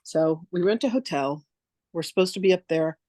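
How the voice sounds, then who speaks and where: A woman's voice: fairly low pitch, moderate pace, dry recording. A woman teaching a spiritual masterclass, telling stories casually and frankly and acting out the voices she quotes. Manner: lively, casual storytelling that acts out quoted voices; frank, with the odd swear word. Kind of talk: storytelling masterclass talk.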